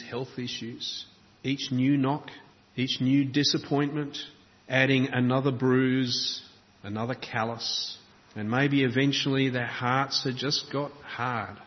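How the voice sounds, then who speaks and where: A man's voice: medium pitch, long reverb tail, highs cut off. A man preaching a sermon, building rhythmic lists and asking reflective questions.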